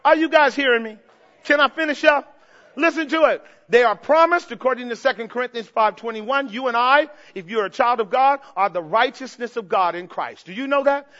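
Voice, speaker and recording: An older man, a pastor, preaching a sermon, swinging from quiet asides to shouted emphasis and playful mimicry. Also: very high-pitched, fairly quick, highs cut off.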